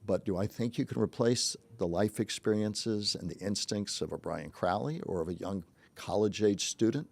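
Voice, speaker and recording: A man's voice: lowish voice, normal speed, gravelly. An older man hosting a casual podcast chat, reflective and chuckling, with many restarts. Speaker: podcast host, journalism teacher.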